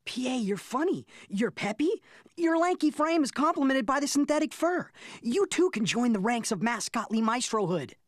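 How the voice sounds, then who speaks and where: A woman's voice: a little high, very animated, normal speed, dry recording, clean studio sound. A woman voicing a quirky, theatrical middle-school boy with flowery word choices. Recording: cartoon soundtrack with faint music.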